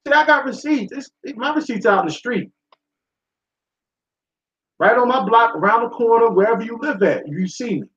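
A man's voice: very high voice, lively intonation, normal speed, pauses often, fairly bright tone. A man hosting a talk show, delivering a blunt, profane, preachy monologue to his listeners. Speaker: show host. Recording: echoey room, dull sound.

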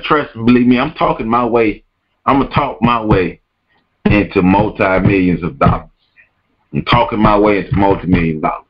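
A man's voice: on the low side, normal speed, lo-fi sound. A man hosting a podcast, ranting emphatically and repeating his words and phrases. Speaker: podcast host. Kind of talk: podcast rant.

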